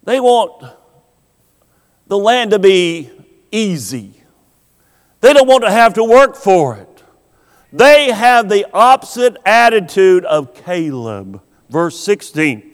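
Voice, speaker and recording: A man preaching a sermon, slow and emphatic, acting out the voices he quotes. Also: high voice, sing-song, clean tone. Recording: long hall reverb.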